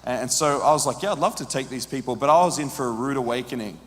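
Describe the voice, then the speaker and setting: A man's voice: mid-range voice, fast. Australian man preaching in a reverberant hall. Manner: animated storyteller, acts out quoted dialogue. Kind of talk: storytelling sermon.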